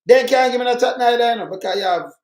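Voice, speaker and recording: A man's voice: very high voice, quick pace, roomy sound. An older man with a Jamaican accent, talking in blunt, emphatic casual chat. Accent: Jamaican Patois.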